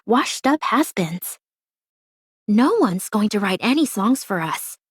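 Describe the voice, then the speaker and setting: A woman's voice: medium pitch, slightly rough, no echo. An actress voicing a scheming, cynical young woman ex-idol who talks in a cool, mocking, calculating way. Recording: dry close studio recording.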